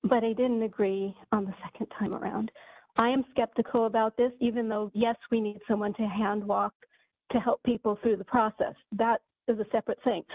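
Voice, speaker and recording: A woman giving an angry, impassioned public comment with halting phrasing, heard over a call. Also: fairly high pitch, no room sound. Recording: phone-like dry call audio.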